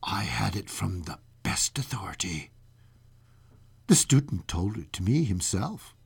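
A radio reader voicing a grave old gentleman who speaks low and hushed. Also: big pitch swings, measured pace, vocal fry, husky, exaggerated voice.

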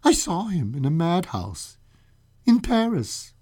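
A radio reader voicing a grave old gentleman who speaks low and hushed. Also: big pitch swings, takes it slowly, slightly rough, heavily acted.

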